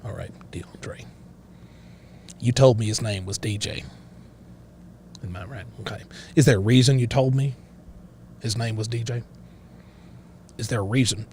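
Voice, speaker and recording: A man voicing a bigoted, stern middle-aged backwoods father with a slow, drawling rural Southern accent and a lecturing manner. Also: medium pitch, darkish tone, a little hiss or hum, close to an everyday voice. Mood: stern, interrogating. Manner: lecturing, interrogating, self-righteous. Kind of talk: improvised character voice on a livestream.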